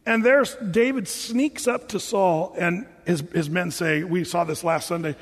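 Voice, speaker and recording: A high-voiced man preaches a sermon and acts out each scene as an animated storyteller. He speaks in a church sanctuary with a long hall reverb. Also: normal speed, hardly any pauses. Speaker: pastor.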